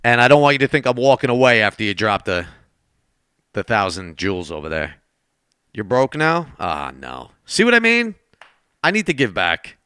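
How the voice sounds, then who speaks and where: At his desk, a male game streamer chats casually with viewers as he plays, thanking donors and speaking directly to chat. His lowish voice is bright and smooth, with a sing-song lilt that rises and falls a lot, at a normal speed. The recording is dry and close, with no room sound or echo.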